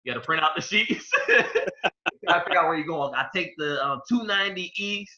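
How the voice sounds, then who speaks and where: A young man co-hosting a podcast, telling a story in casual chat with laid-back slang, going quiet at its serious parts. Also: fairly high pitch, fast talker, dull audio. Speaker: podcast co-host.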